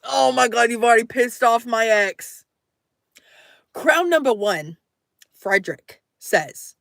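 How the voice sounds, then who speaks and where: Playful high-voiced woman live streamer. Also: takes it slowly, vocal fry, pauses often, a bit bright, dry recording, studio quality. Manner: playful and theatrical, reading chat aloud, exclaiming often. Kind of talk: late-night live stream chat.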